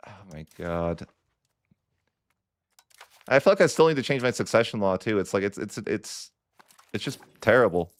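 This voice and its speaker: A man's voice: lowish voice, lively intonation, a little fast, no room sound. A young man commentating his own strategy game session, exasperated and whiny with a sarcastic streak. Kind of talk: frustrated gameplay commentary.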